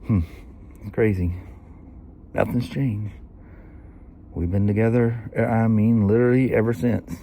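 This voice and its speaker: A man's voice: fairly low pitch, fairly even intonation, a little slow, long pauses, mellow, slight background noise. A man in his sixties with a Southern US accent, telling a long, rambling story in casual vlog chat, full of "you know" and "anyway". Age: 60s. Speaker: vlogger.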